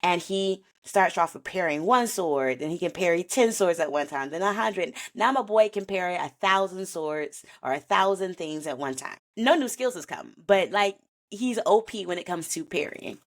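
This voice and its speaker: A woman with a low voice hosts a podcast in a loose, conversational way. She talks in an animated, slangy way and laughs often as she recaps a story and unpacks an idea. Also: normal speed. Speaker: podcast host. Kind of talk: casual chat about an anime and mindsets.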